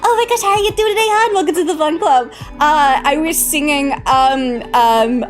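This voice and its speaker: A young woman streamer chatting casually with her live chat, bubbly and giggly, greeting viewers warmly. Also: high-pitched, expressive, fairly quick. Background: faint background music.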